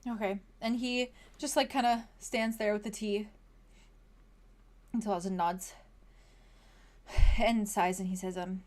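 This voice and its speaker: A woman's voice: medium pitch, fairly even intonation, a little slow, pauses often. A woman narrating a tabletop game as game master, in a chatty way with lots of fillers.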